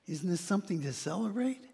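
A man plays a formerly blind beggar in a first-person monologue, brimming with eager joy, halting and repeating words, restarting between excited outbursts. Performed in a large hall, the heavily acted voice is high-pitched and gravelly with a breathy edge.

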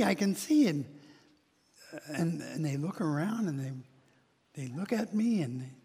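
A man performing a first-person monologue as a formerly blind male beggar, eager and joyful, who talks haltingly and restarts and repeats words between excited exclamations. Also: fairly high pitch, breathy edge, in a large hall, full character voice.

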